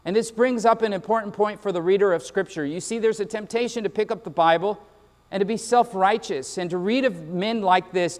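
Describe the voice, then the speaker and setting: A man's voice: high voice, in a large hall. A man pastor preaching a sermon with emphatic, repetitive phrasing and quoted asides, in a church sanctuary.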